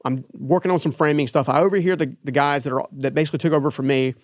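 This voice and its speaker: A man telling his own story in an interview, animated, acting out the voices of the people in it. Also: fairly high pitch, fast talker, dry recording, clean studio sound. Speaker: business owner guest.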